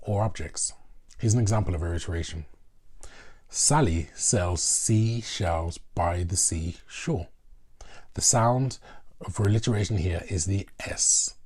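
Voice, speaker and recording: Low, husky-voiced male teacher. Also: a little mellow. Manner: slow, deliberate, with fillers. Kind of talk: explanatory lesson.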